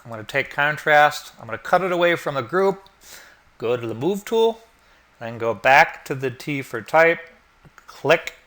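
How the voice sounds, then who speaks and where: A man giving a screen-recorded software tutorial, explaining step by step in a relaxed way and thinking aloud. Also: on the high side, a little slow. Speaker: instructor.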